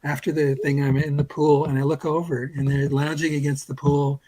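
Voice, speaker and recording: A man in his sixties from Canada spins a long, meandering story about his early career. His voice is somewhat husky and sits a little above the usual pitch for a man. He talks casually, doubles back on himself often, and pokes fun at himself. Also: little pitch movement, fairly quick, mellow, poor audio. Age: 60s. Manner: rambling, self-deprecating, with frequent restarts. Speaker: guest comics artist.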